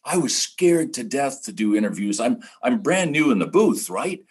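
An older man, a retired broadcaster, telling animated stories as a podcast guest and acting out other people's lines. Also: mid-range voice, moderate pace, husky. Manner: animated, acts out quoted voices. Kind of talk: casual podcast storytelling.

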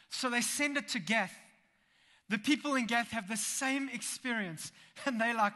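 A man preaching a sermon in a church, telling the story in a lively way with humorous asides. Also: very high-pitched, moderate pace. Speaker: pastor. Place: church sanctuary. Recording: long church hall reverb.

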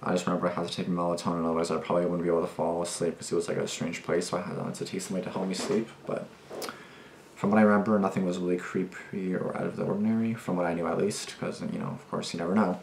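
A young reaction-video host races through his words in a low, flat voice with vocal fry. He rambles casually and agitatedly, swearing a lot and restarting often, in an echoey room with noisy background.

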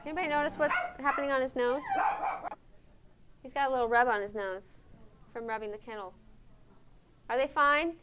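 A woman giving a conference lecture on animal behavior, lively and engaging, often checking in with her audience with questions. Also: on the high side, normal speed, pauses often, heavy background noise. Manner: lively, asks the audience questions, frequent "right?".

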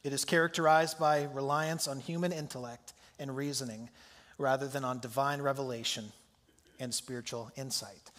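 A man's voice: medium pitch, fairly even intonation, moderate pace, a bit bright. A male pastor preaching a sermon in a conversational way, putting questions to his congregation. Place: church sanctuary. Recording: long church hall reverb.

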